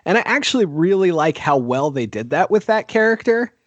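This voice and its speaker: A man with a slightly raised pitch, chatting casually about movies on a podcast. He laughs often and swears freely, and his voice comes across dry and close to the mic. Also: fairly quick, no room sound, dull audio. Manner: laughing, profane, animated. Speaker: podcast co-host. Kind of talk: casual film discussion.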